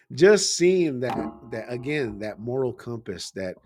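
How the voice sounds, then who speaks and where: A man's voice: mid-range voice, very animated, takes it slowly, a little mellow, faint music behind. A man in his forties talking casually and from the heart, slangy and loose with swearing, as a podcast co-host. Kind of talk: casual chat.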